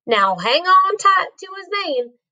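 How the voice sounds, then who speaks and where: A woman voicing a calm cowboy in a read-aloud storybook, with an easygoing drawl. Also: very high voice, takes it slowly, muffled recording, pitched above the performer's own voice, exaggerated voice. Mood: steady. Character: calm old-west cowboy man.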